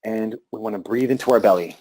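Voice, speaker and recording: A man giving a live talk to an audience about meditation and breathing, speaking calmly with pauses and restarts. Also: lowish voice.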